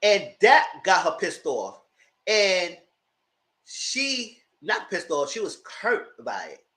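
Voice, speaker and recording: A man's voice: high-pitched, big pitch swings, slow, sharp tone. A man giving a casual live review of a reality TV show, retelling scenes with exasperation and cursing.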